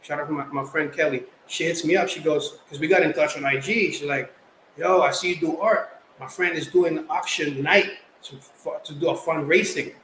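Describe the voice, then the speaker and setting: A young man from the Philippines, a guest artist telling stories in casual chat, animated and slangy. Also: fairly high pitch, moderate pace. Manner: animated, slangy, acts out quotes. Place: podcast studio. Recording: roomy echo, faint background noise.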